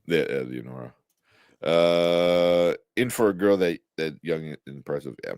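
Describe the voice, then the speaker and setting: A man's voice: sits low, measured pace, a little mellow, clean tone, no echo, studio quality. A man co-hosting a casual movie talk show, rambling with many fillers and restarts. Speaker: podcast co-host. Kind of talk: casual chat.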